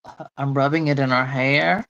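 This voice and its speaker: A woman's voice: rumbling low, steady tone, moderate pace, a bit bright, dull audio. A woman hosting a doll channel, chatting casually while she demonstrates.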